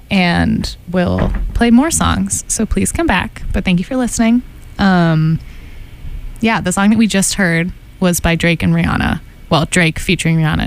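A young woman signs off her college radio show in a loose, chatty way. Her voice sits in a middle pitch and she rambles easily, filling pauses with "um"s. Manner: chatty, loose, many fillers. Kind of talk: casual radio sign-off chat. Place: radio studio.

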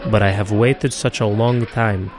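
A man telling a first-person comic commentary in a dry, unhurried way. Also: on the low side, fairly even intonation, crowd noise. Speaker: radio commentator.

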